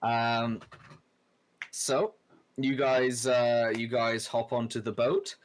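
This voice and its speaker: A man narrates a tabletop adventure as its game master. He talks in a loose, rambling way, stopping often for ums and uhs, and his voice sits at a middling pitch. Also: level tone, takes it slowly. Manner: rambling, many filler words.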